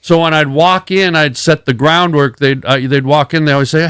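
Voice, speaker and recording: Comedian guest, male, slightly high pitch, rambling silly storyteller, dry close studio sound. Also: fairly even intonation, moderate pace, fairly bright tone, smooth, no room sound. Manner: silly, rambling anecdotes with acted-out voices. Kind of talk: casual radio interview storytelling.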